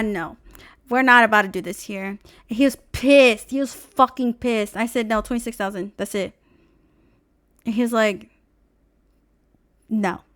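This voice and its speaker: A young woman vlogger telling a story in an exasperated, profane, animated rant. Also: on the high side, clear, resonant tone, dry recording, clean studio sound.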